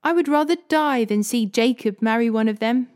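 A woman's voice: on the high side, normal speed, darkish tone, lightly acted. A woman voicing a worried mother giving her son urgent instructions. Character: anxious scheming mother.

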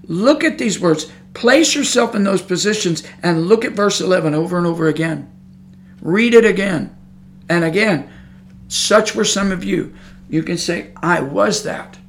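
A man's voice: high-pitched, moderate pace. A man preaching a sermon on his podcast, talking in a fired-up, conversational way and repeating his points.

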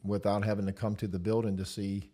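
A man, a pastor, chatting casually about his church, relaxed and laughing easily, with many fillers. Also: fairly low pitch, fast talker, husky. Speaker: senior pastor. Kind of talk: casual chat.

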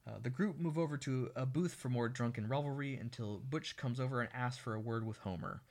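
A man's voice: mid-range voice, fairly quick, darkish tone. A man co-hosting a casual podcast, recapping an old film scene by scene and acting out the characters' lines. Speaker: podcast co-host. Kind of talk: casual movie recap chat.

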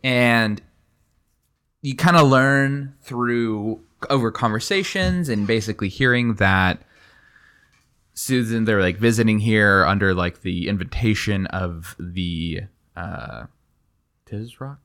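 A man's voice: fairly low pitch, slow pace, fairly bright tone, clean tone. A young man co-hosting a podcast, casually retelling a book's scenes and laughing easily as he goes. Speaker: podcast co-host. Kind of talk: casual book discussion.

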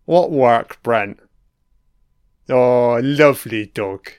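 A man with a smooth, clean voice talks unhurriedly over an episode, tossing crude, mocking jabs at the characters. The recording is dry and close, with no room sound. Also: mid-range voice, very slow, a little mellow, dry recording. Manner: profane, mocking, heckles characters on screen. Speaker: film commentator. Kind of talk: watch-along episode commentary.

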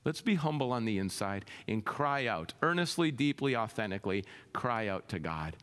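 A man pastor preaching an impassioned sermon, his voice swelling to loud peaks and dropping to soft, low lines. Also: sing-song, moderate pace, clear, resonant tone, big-room sound.

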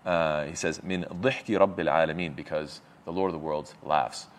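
A man teaching a religious lesson, explaining terms with many fillers and restarts and quick Arabic quotations. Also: extremely low pitch, fairly even intonation. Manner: reads Arabic quotes quickly. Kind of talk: explaining a lecture.

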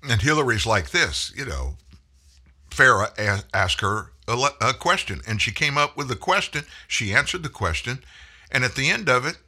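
A man's voice: mid-range voice, big pitch swings, normal speed, bright, forceful tone, slightly rough. A man hosting a political commentary show, delivering an opinionated monologue with mocking, folksy asides.

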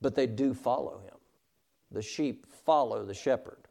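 A man's voice: medium pitch, moderate pace, creaky, mellow. A middle-aged man teaching a Sunday school class, emphatic and often checking in with "all right?".

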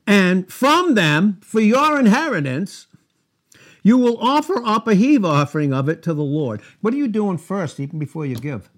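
A man's voice: high-pitched, very animated, normal speed. A man preaching a verse-by-verse sermon, reading scripture aloud and breaking off into asides and rhetorical questions. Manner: reads scripture aloud in King James phrasing. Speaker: pastor. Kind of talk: expository sermon.

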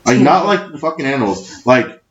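A man co-hosting a casual podcast, telling profane stories in an animated way and shouting when he quotes himself. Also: medium pitch, moderate pace, background noise. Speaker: podcast co-host. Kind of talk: casual chat, storytelling. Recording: echoey room, dull lo-fi sound.

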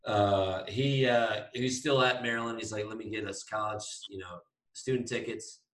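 A young man co-hosting a casual podcast tells a rambling story with swearing and laughter. His voice is on the low side, steady in tone and moderately paced, captured by a distant mic in an echoey room.

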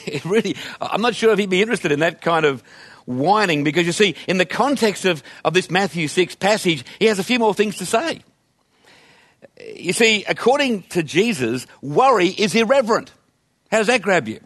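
A man's voice: high voice, lively intonation, normal speed, a bit bright. A male pastor preaching a sermon in a conversational, emphatic way, asking his listeners rhetorical questions.

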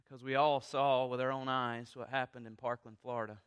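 A man preaching a sermon with passion, going from quiet talk to loud appeals. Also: mid-range voice, level tone, brisk, smooth, big-room sound. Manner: impassioned, rises from quiet to loud. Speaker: pastor.

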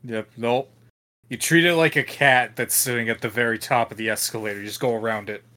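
A young man co-hosting a podcast, making dry, deadpan remarks while watching a film. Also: mid-range voice, a little fast. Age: young adult. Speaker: podcast co-host. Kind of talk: casual reaction chat.

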